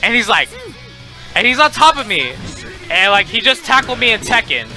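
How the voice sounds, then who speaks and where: A young man telling a casual storytime, animated and profane, with faint music behind him. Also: high-pitched, normal speed.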